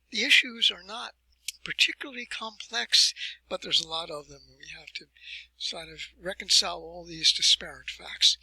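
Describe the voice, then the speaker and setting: A man giving a recorded university lecture, explaining step by step with deliberate emphasis and rhetorical questions. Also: high voice, bright, forceful tone, husky, no echo, low-quality recording.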